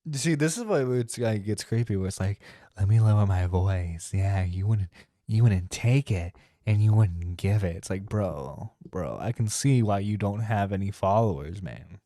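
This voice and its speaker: A man's voice: fairly low pitch, animated, moderate pace, warm tone, dry recording, clean studio sound. A man reacting to a livestream clip, laughing and mocking crudely for his chat. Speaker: streamer reacting to clips. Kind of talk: reaction commentary.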